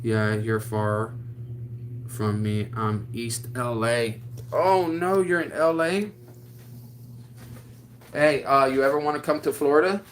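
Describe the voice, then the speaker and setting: A man in the middle pitch range chats on a livestream from home. He talks excitably in loose slang and keeps restarting his words. A faint hiss sits under his voice. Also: slow, long pauses. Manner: excitable, reads viewer comments aloud; drawling slang with frequent restarts. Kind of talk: casual livestream chat.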